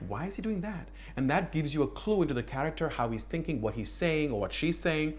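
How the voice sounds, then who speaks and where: A man explaining verse in an interview, demonstrating the rhythms aloud. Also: medium pitch.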